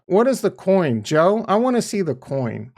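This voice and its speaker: A man's voice: sits high, very animated, moderate pace. Blunt, fiery man ranting on crypto. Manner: swings from quiet muttering to heated ranting; blunt, profane. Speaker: crypto YouTuber. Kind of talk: casual screen-share commentary.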